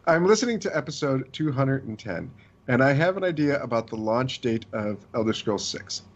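A man co-hosting a podcast, reading a listener email and chatting in a measured way. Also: mid-range voice, animated. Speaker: podcast co-host. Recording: dull lo-fi sound.

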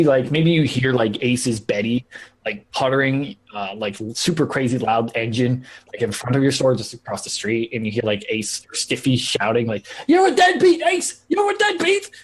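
A man's voice: mid-range voice, normal speed, husky. A man running a tabletop game as game master, rambling casually with lots of "like" and filler. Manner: rambling, heavy use of "like", laughing asides.

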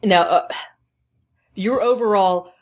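A woman co-hosting a casual video game podcast, chatty and teasing, quick to laugh. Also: medium pitch. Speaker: podcast co-host. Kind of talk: casual chat about video games.

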